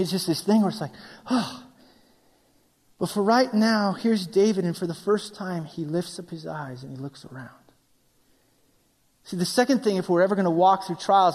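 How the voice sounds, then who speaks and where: A middle-aged man preaching a sermon, acting out quoted voices and swinging between loud, urgent passages and hushed near-whispers. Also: sits high. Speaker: pastor. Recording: long reverb of a large hall.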